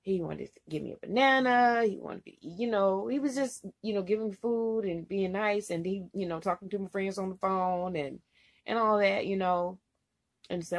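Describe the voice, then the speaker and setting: Husky woman telling a trucking story. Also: medium pitch, normal speed. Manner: rambling, emotional retelling full of "you know". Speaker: truck driver vlogger. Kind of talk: casual storytelling vlog.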